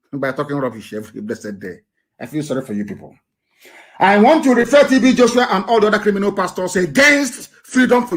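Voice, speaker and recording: A man with a Nigerian accent giving a live political broadcast, lecturing from the Bible with scorn and sudden swings between loud and soft. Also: high voice. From eastern Nigeria. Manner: reads Bible verses aloud slowly, pausing and restarting. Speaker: activist broadcaster.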